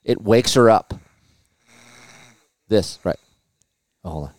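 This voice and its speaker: A man in his forties hosting a podcast, telling stories in a casual, animated way with plenty of swearing. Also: lowish voice, slow pace, dry recording. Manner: animated storytelling with profanity. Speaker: podcast host. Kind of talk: casual chat.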